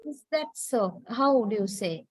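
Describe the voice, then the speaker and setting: A woman teaching a class, slowly and deliberately repeating words to drill pronunciation. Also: on the high side, expressive, slightly rough, dry recording, rough recording. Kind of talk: classroom lecture.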